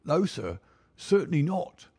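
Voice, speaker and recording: A man's voice: high voice, huge pitch swings, normal speed, mellow, slightly rough, no echo, voice pushed up, full character voice. A man voicing a frightened, defensive male college servant who answers in strained, pleading denials. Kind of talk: audiobook character reading.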